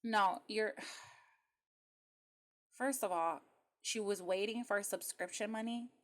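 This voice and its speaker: A woman's voice: medium pitch, takes it slowly. A young adult woman hosting call-out commentary, blunt and sarcastic, swearing as she reacts to clips.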